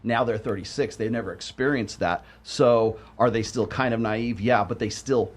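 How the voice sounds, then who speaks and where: A man speaking as a guest on a candid panel discussion, emphatic and profane, slowing down for key points. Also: on the low side.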